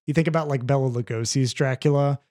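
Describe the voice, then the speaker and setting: A man co-hosting a film podcast in casual chat, animated and rambling, swearing freely. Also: medium pitch, fast. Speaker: podcast co-host reviewing films.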